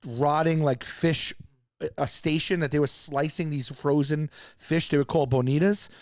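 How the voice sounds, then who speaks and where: A man co-hosting a podcast, telling a funny story in a loose, animated way and acting out other people's lines in raised voices. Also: fairly high pitch, moderate pace, dry recording, clean studio sound. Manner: loose rambling delivery with restarts. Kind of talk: casual comedic storytelling.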